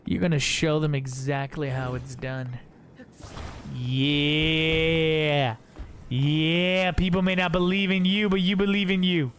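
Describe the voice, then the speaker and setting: A man's voice: a little high, little pitch movement, slow pace, fairly bright tone, slight background noise. A man streaming a video game live, goofing around and talking to himself and his chat. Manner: goofy, talks to himself and chat. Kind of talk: live gameplay commentary.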